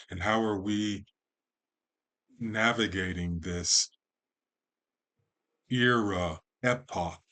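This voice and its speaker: A man with a very low voice speaks slowly and carefully in conversation. He is a podcast guest who talks in a poetic, reflective way. He lingers on each word of a long list. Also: a bit bright. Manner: measured, poetic, lingering on lists of words.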